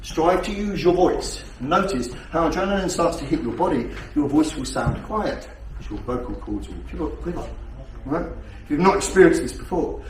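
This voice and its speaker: A man's voice: a little high, animated, moderate pace, few pauses, a little hiss or hum. A man teaching a self-defence class, blunt and full of swearing, firing rhetorical questions at his students. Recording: echoey hall, distant mic.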